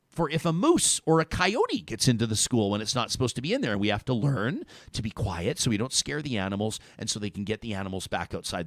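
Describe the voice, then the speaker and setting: A man's voice: mid-range voice, fairly bright tone, no room sound, clean studio sound. A man in his thirties hosting a talk show, chatting casually and joking, rambling with restarts. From Canada.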